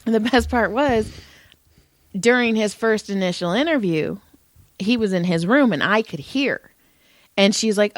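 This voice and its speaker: Mom podcaster telling stories, swears a lot, bouncy voice, super dry sound. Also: female voice, mid-range voice, unhurried, long pauses, no room sound. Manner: animated storytelling, acts out voices, swears. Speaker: podcast co-host. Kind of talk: casual chat.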